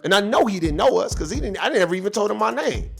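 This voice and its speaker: Male vlogger, slightly higher voice, casual profane storytelling over soft background music. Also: animated, quick pace, creaky, husky. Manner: loose, profane, rambling with asides.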